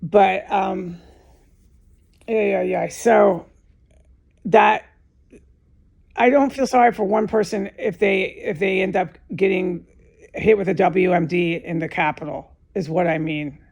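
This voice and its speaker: A woman's voice: medium pitch, slow pace, gravelly, pauses often, a little mellow. A woman alone in a room, talking in an agitated, profane, repetitive monologue with many restarts. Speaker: vlogger giving testimony. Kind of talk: unscripted emotional monologue to camera.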